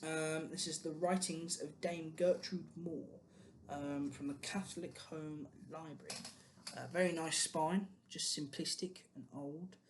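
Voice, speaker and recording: British book vlogger, mid-pitched, chatty and meandering, faint noise behind. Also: steady tone, unhurried. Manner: rambling, many ums and restarts, chatty. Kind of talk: casual book haul chat.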